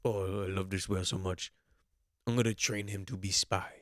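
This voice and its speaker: A man voicing a young Russian politician who dotes on his pet whale, in a halting, clumsy mock Russian accent. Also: deep voice, fairly even intonation, no room sound, studio quality, pitched below the performer's own voice, close to an everyday voice. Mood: doting. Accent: attempted Russian.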